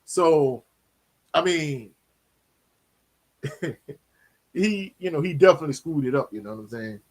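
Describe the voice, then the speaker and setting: A man hosts a casual live sports Q&A, sounding animated and slangy and frequently adding "you know what I'm saying." His voice is on the high side and his pace a little slow.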